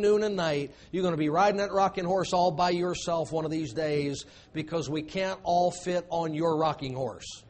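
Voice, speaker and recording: High-voiced preacher with drawl. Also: male voice, darkish tone. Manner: emphatic preaching with dramatic pauses and sudden drops to a low voice. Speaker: pastor. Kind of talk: sermon.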